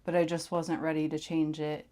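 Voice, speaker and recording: A woman candidly recounting a personal experience to camera, blunt and profane, sometimes dropping into a hush. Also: sits low, little pitch movement, normal speed. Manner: blunt and profane, drops into hushed tones. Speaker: vlogger sharing her past.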